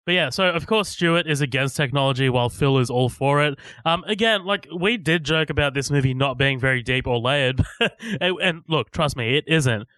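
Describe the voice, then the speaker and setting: Bright-voiced, lively, swearing podcast host. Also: male voice, a little high, clear, resonant tone, dry recording. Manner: rambling, swears often, laughs a lot. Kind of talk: casual movie review chat.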